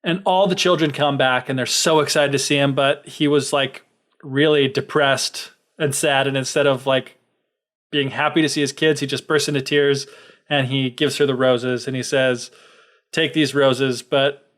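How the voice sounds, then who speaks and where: A man's voice: mid-range voice, steady tone, normal speed, a bit bright. A young man co-hosting a podcast, casually retelling a fairy tale in a chatty, filler-heavy way. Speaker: podcast co-host. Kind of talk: casual storytelling.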